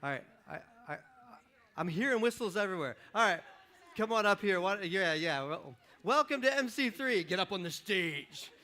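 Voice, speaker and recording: A high, bright-toned man, the pastor, speaks at a moderate pace with lively intonation through a stage microphone. His upbeat, joking sermon on the church stage invites the congregation to take part, as he calls volunteers up and counts them in before moving on to his message.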